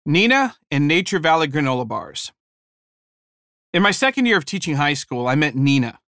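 A man delivering a sermon with animated, humorous storytelling. His voice sits a little high for a man. The recording is dry and close, with no room echo. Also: normal speed. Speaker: preacher and former high school teacher.

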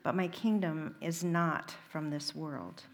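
A woman reading the words of a calm man on trial in a liturgical Gospel reading, measured and steady. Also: sits low. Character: calm male teacher under trial.

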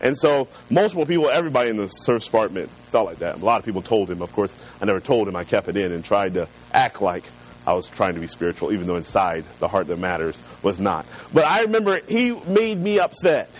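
A man preaching a sermon, reading scripture slowly and then telling personal stories in a relaxed, conversational way. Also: fairly low pitch, rough recording. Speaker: pastor.

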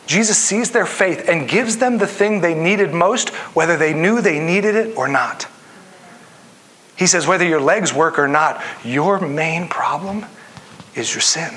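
A man preaching a sermon with an earnest delivery. His voice sits a little higher than most men's. He reads scripture aloud and slips into the voices of people in the story. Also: animated, normal speed, sharp tone. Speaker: pastor.

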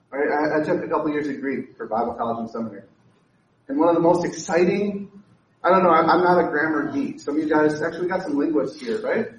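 High-voiced pastor preaching in an echoey hall. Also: male voice, recorded from a distance, highs cut off, slight background noise. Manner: energetic, joking asides, repeats words. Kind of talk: sermon. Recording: echoey room, speaker away from mic.

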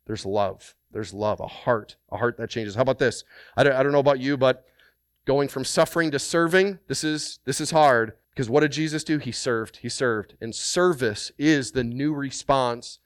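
A man preaching a sermon as pastor, emphatic and animated, repeating phrases and asking the congregation rhetorical questions. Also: mid-range voice, normal speed, clean tone, no room sound, studio quality.

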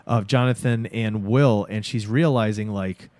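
A man in casual podcast chat, recapping a show with excitement, swearing freely and acting out the scenes. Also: on the low side, measured pace, no echo. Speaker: podcast co-host.

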